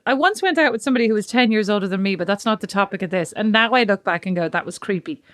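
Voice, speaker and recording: A woman's voice: mid-range voice, animated, rapid-fire, dry recording, studio quality. Chatty woman co-host. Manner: chatty, laughs easily, interviewing. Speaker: podcast co-host. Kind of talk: casual chat.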